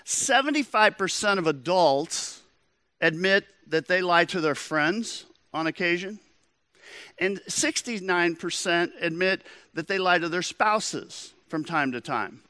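A man's voice: high-pitched, expressive, measured pace, bright, forceful tone, smooth, no echo, studio quality. A man preaching a sermon as pastor, in a conversational storytelling manner.

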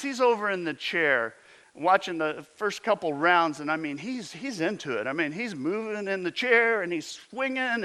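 A man's voice: high voice, sharp tone, smooth. A man preaching a sermon as a pastor, telling stories and asking emphatic rhetorical questions.

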